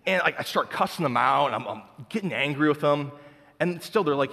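A man's voice: on the high side, a little fast, sharp tone, long reverb tail. A young man sharing a personal faith testimony in casual, heartfelt storytelling full of filler words. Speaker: speaker sharing his testimony.

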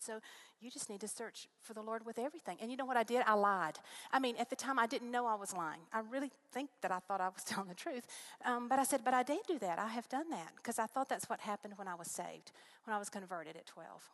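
A middle-aged woman speaking to a congregation, telling her faith story in an earnest, animated way, voice rising when excited. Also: a little high, quick pace. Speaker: guest speaker. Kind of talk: testimony sermon.

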